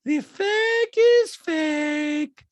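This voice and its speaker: Guy doing a snooty high falsetto lady, drags out every word, super dry close sound. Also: no echo, exaggerated voice. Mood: cutting. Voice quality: falsetto, drawn-out and mocking. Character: haughty high-pitched woman, grand and cutting. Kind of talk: comedic impression in a recap.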